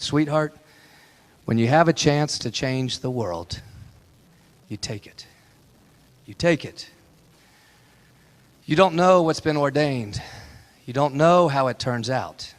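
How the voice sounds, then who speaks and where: A man in his forties giving a town hall campaign speech, telling a family story in a folksy, impassioned way with repeated rhetorical lines. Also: mid-range voice. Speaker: political candidate. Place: town hall meeting room.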